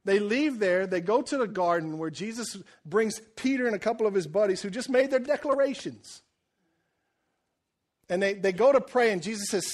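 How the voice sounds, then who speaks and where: A male pastor preaching a sermon, telling the story with jokes and acting out quotes. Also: sits high.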